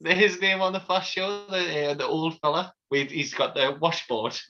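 A man chats casually, reacting fast and laughing often. His voice is very bright and sharp, pitched a little high. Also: fairly even intonation, muffled recording. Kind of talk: casual chat.

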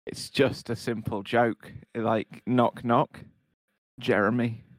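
A man's voice: medium pitch, flat delivery, slow, no room sound, lightly acted. A man playing a local radio news anchor in improv comedy, with an earnest, faux-formal newsreader delivery.

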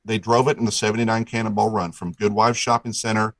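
A man's voice: on the low side, little pitch movement, fast talker, creaky, no room sound, rough recording. A middle-aged man telling a long story as a guest, enthusiastic and rambling, restarting his sentences often. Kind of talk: casual storytelling chat.

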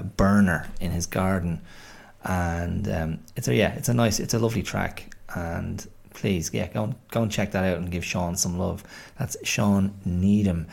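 Deep gravelly man. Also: a little mellow. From Ireland. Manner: rambling, self-deprecating, chatty asides. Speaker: podcast host. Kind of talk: casual monologue.

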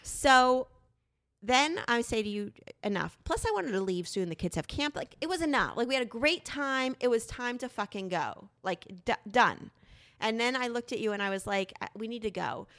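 A woman's voice: on the high side, moderate pace. A woman in her thirties in casual chat with her husband, telling a story with lots of swearing. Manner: animated storytelling, frequent swearing. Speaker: podcast co-host.

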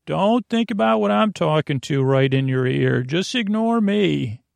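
A man's voice: a little high, expressive, measured pace, gravelly, dry recording, heavily acted. A man voicing a fussy, passive-aggressive old grandmother in a raised voice.

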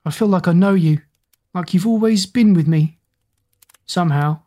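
A small doll prince, young and frightened, who talks with an anxious earnestness, voiced by a woman. The voice sits low and husky, as heard in a storybook reading. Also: normal speed, mellow, close to an everyday voice. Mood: wondering.

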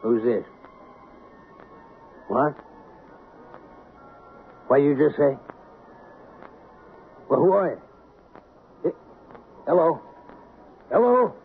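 A man's voice: a little high, very animated, extremely slow, creaky, pauses often, slightly rough, soft background music, heavily acted. An actor playing a puzzled man answering a strange phone call in a 1970s radio drama. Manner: hesitant, bewildered. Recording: narrow, phone-like old radio broadcast.

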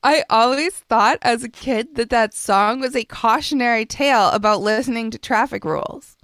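A woman's voice: on the high side, moderate pace, fairly bright tone, no echo. A woman co-hosting a podcast, telling stories in an amused, giggly manner. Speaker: podcast co-host. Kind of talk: casual comedy podcast banter.

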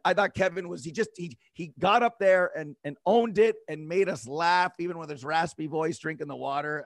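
A man's voice: a little high, moderate pace, creaky, few pauses, a bit bright, no room sound, studio quality. A middle-aged man hosting a casual hockey podcast, talking with eager enthusiasm and frequent chuckles. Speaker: podcast host.

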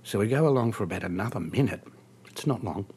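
A man's voice: lowish voice, animated, quick pace, darkish tone, husky. A man, a taxi driver telling a story about a fare in a dry, wry, conversational way. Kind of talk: spoken anecdote storytelling.

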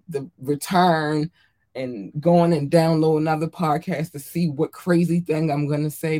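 A podcast host in casual solo chat, effusive and affectionate toward listeners, talking with frequent ums and little laughs. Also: mid-range voice. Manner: effusive and affectionate, calls listeners darlings and babies.

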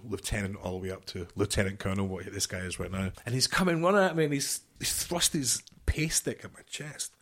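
A middle-aged man from the United Kingdom, a former marine guest telling stories bluntly, with frequent swearing. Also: lowish voice. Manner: blunt, swears often, vivid anecdotal storytelling. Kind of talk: casual storytelling interview.

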